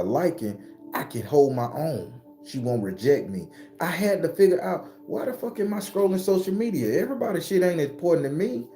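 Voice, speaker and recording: Forties guy preaching live-your-life stuff, cussing, jumps way up high when hyped, mellow warm voice. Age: 40s. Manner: animated, profane, preachy, rises to high excited pitch. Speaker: spiritual channel host. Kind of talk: casual motivational monologue.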